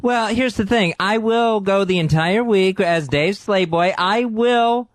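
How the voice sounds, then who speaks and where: A man's voice: sits high, a little slow, no room sound, clean studio sound. A man and radio show regular, cocky and playful in casual on-air banter. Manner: cocky, playful, laughs often.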